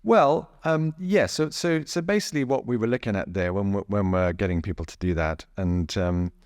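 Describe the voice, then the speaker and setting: A man working as a bodywork therapist, explaining gently and casually, laughing often and restarting his sentences a lot. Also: fairly low pitch, smooth, no room sound, studio quality. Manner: gentle, chuckling, halting with many restarts.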